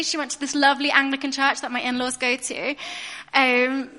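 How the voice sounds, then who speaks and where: British woman, 30s, high bright voice, chatty sermon storyteller, reverberant hall. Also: little pitch movement, normal speed. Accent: British English. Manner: chatty storytelling, acting out her own asides. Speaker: guest preacher. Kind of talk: narrative-style sermon. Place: church hall. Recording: long reverb of a church hall.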